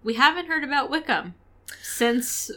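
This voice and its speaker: A woman co-hosting a casual podcast, chatty and quick to laugh. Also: high voice, animated, bright, forceful tone. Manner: giggly, chatty, laughs often. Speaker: podcast co-host.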